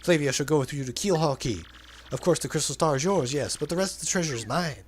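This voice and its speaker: A man's voice: fairly high pitch, expressive, fast, natural voice. A man voicing a flamboyant, pompous male trader and sailor in a video game dub, with grandiose, overly formal phrasing. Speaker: let's play dubber.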